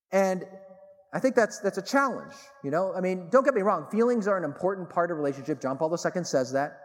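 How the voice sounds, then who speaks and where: A middle-aged man with a fairly high voice addresses a live crowd as a theologian, telling stories in a lively way and stressing points by repeating them. His words ring with the long echo of a large hall. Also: fast talker. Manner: animated storytelling, emphatic repetition. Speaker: theologian and speaker. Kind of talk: public talk to a live audience.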